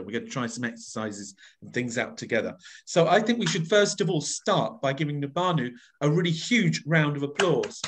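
Animated man coaching voices. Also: on the high side. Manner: playful, coaxing, modelling each phrase with exaggerated expression. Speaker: voice workshop leader. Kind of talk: online voice workshop coaching. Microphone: video call.

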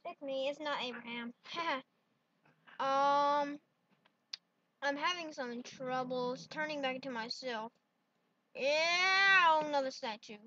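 A woman's voice: high-pitched, fairly bright tone, slight background noise. A woman hosting a playful solo vlog, talking in a giggly, silly way full of exclamations. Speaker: vlogger. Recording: dull lo-fi dry sound.

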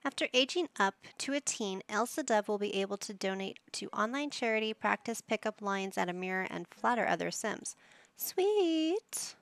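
A woman's voice: mid-range voice, brisk, gravelly, hardly any pauses, fairly bright tone, no echo. A woman giving casual gameplay commentary, chatty and coaxing, talking to her characters like a parent would. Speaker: gaming YouTuber.

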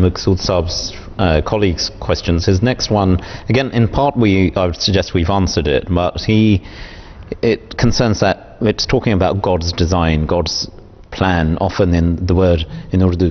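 A man hosting a studio panel discussion, calmly putting questions to his guests. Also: deep voice. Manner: measured, posing questions to panelists. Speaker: show host. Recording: dull lo-fi sound, faint noise.

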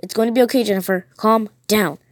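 A woman's voice: mid-range voice, fairly even intonation, fast, no room sound, natural voice. A woman reading as a secretive, worried mother. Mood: urgent. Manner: urgent, evasive. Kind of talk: reading a text-message horror story aloud.

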